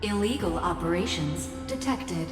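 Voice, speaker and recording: A woman's voice: fairly low pitch, normal speed, close to an everyday voice. Figure: a woman voicing a robotic female security system. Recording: echoey reverb with music. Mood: mechanical. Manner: flat, clipped, mechanical announcements. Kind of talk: game cutscene voice acting. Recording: echoey game audio with hall reverb and music.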